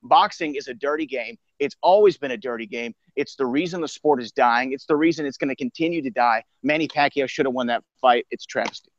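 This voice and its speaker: A man's voice: medium pitch, fast talker, few pauses, dry recording, lo-fi sound. A male radio host from Texas arguing sports and music in an emphatic, opinionated way, telling stories to make his point. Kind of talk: casual sports and pop-culture debate. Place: radio studio.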